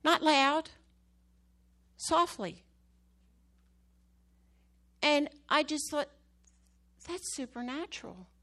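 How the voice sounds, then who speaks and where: A woman's voice: sits high, expressive, drawn-out words, pauses often, bright, forceful tone. A woman preaching to her church, telling a story with emphatic, rising bursts at the key moments. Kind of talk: sermon testimony.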